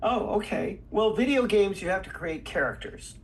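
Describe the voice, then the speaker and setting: A man who is a veteran voice actor, with a high tenor voice, giving rambling, playful advice. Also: animated, normal speed, distant mic, rough recording. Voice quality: self-described tenor, high voice. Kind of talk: casual advice chat.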